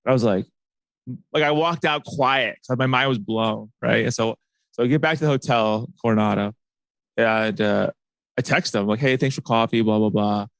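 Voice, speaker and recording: A man hosting a podcast, spinning a loose personal story with plenty of "like" and "right?" as he goes. His pitch sits in the middle of the range for a man. The sound is dry and close, with no room around it. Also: moderate pace, gravelly, no room sound. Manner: animated, rambling storyteller with many fillers. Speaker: podcast host.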